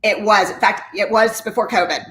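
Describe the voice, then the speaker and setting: A woman telling her story as an interview guest, a real estate agent, talking in a high-energy, enthusiastic way. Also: normal speed, fairly bright tone. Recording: roomy echo.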